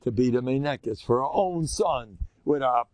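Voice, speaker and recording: An older rabbi who gives a Torah lecture in an animated, jokey storytelling way, full of repetitions. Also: male voice, medium pitch, normal speed, a little hiss or hum.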